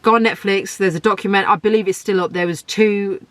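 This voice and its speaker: Young woman, deep voice, blunt podcast rant, dry close sound. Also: steady tone, brisk, no echo. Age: 20s. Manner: blunt, outspoken, ranting. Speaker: podcast host. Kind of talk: solo podcast monologue.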